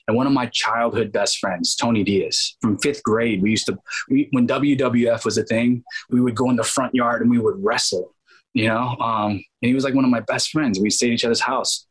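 A man, an actor guest in an interview, telling animated stories and acting out quoted dialogue in other voices. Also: medium pitch, moderate pace, slightly rough, low-quality recording. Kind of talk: casual interview storytelling.

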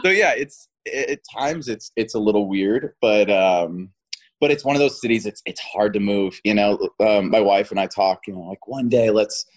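A man's voice: fairly low pitch, normal speed. A man in his thirties, an actor guest in a casual interview, rambling and repeating words as he talks, often laughing.

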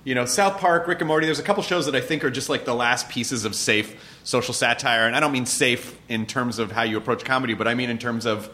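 Bright-voiced man hosting a rambling chat. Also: mid-range voice, quick pace, few pauses. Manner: rambling, restarts often, profane. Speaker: podcast host. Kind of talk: casual interview chat.

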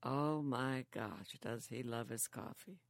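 An older woman living in a care home, chatting slowly and telling stories with frequent laughs. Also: rumbling low, vocal fry, dry recording. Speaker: interviewee, grandmother. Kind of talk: casual chat.

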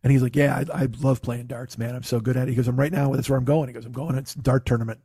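A man's voice: medium pitch, steady tone, rapid-fire, warm tone, breathy edge, dry recording, studio quality. A man telling a casual, profane story in his own voice. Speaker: podcast host telling a story.

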